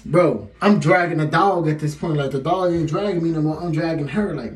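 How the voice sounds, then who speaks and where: A man in his twenties with a heavy Chicago accent, telling a story to camera in a lively, slangy way and laughing often. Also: a little high, fairly quick, slight background noise. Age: 20s. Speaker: vlogger. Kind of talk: casual storytime. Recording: echoey room, faint music.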